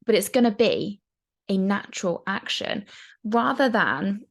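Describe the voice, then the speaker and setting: A woman's voice: medium pitch, expressive, unhurried, vocal fry. Chatty, frank young woman coach. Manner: chatty and frank, swears casually. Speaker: mindset coach. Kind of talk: casual teaching talk.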